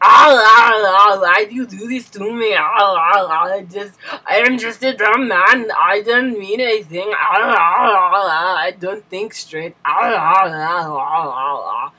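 A woman's voice: medium pitch, unhurried, sharp tone, husky, poor audio. A woman doing an impression of a famous male actor who croons in a sing-song way. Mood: crooning.

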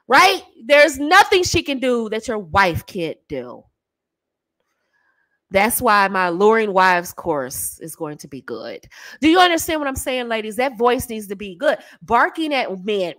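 An American woman talks frankly and playfully as a dating coach, her pitch bouncing all over the place. She sits a little above the usual register, and the sound is close and dry. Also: unhurried, no echo. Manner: animated, teasing, breaks into soft sultry demo voices and laughs. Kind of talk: casual advice talk to camera.

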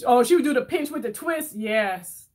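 Chatty animated woman doing her makeup. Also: a little high, normal speed. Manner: chatty, animated storyteller, addresses viewers as y'all. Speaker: beauty vlogger reading live chat. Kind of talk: casual chat while doing makeup.

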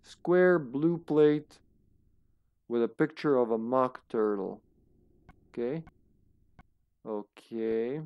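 A man's voice: mid-range voice, very slow, pauses often, highs cut off. Man muttering through a game stream. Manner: muttering to himself, trailing off quietly. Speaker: streamer playing a horror game. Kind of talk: casual gameplay commentary.

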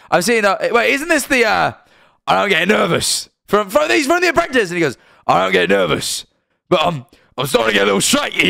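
British streamer, lively up-and-down chatter, dry close sound, average pitch. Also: male voice, gravelly, no room sound. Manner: chatty and animated, swears, stumbles over names. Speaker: livestream host. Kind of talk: casual stream chat, reading out subscriber names.

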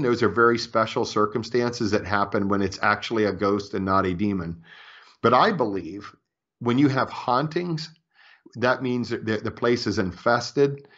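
A man's voice: medium pitch, a bit bright. A man, a guest author, earnestly recounting paranormal experiences in an interview, often restarting his sentences. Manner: earnest, convinced, many restarts. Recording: dull lo-fi audio.

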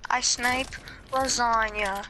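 A woman's voice: a little high, fairly even intonation, slow pace. A woman joking around with a friend while they play a game together, teasing and laid-back. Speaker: gaming friend. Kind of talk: casual gaming chat. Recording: faint background noise.

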